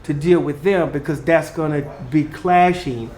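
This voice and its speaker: A man co-hosting a casual podcast, talking in an animated way, laughing often and slipping into playful voices. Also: fairly high pitch, a little slow. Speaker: podcast co-host, communications consultant. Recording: echoey room.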